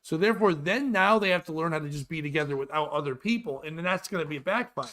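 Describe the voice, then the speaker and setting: A man hosting a comedy podcast, ranting in a loud, exasperated and profane way. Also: on the high side, animated, fast. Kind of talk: crude comedic rant.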